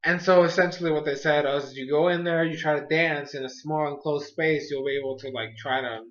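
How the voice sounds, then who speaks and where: A man talks through an episode review in a loose, rambling way, full of fillers and amused asides. His voice sits a bit high for a man. The recording is muffled and lo-fi. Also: fairly even intonation, fairly quick, fairly bright tone. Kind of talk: casual spoken review.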